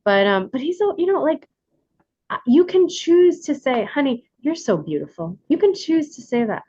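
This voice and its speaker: Talking to her workshop group, a host in her forties sounds animated and casual, coaching warmly and laughing along the way. She has a high-pitched voice at normal speed, though the audio is dull.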